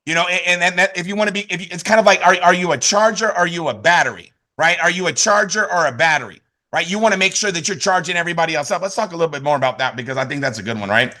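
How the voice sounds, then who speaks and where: A man giving an energetic motivational training talk to his team over a video call, with lots of repetition and "right?" tags. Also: sits high, very fast.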